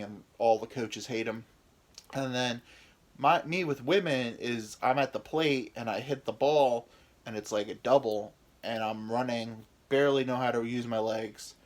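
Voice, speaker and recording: A man in his thirties hosting a podcast, telling rambling, self-deprecating comic stories about his anxiety with women. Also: mid-range voice. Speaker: podcast host. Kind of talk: rambling comedic storytelling.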